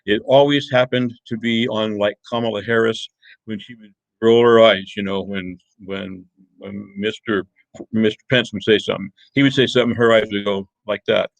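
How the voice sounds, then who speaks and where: A man's voice: mid-range voice, no echo, rough recording. A middle-aged man teaching a college class, speaking earnestly and often restarting phrases. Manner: earnest, self-correcting, emphatic gestures. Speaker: college instructor. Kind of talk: classroom lecture.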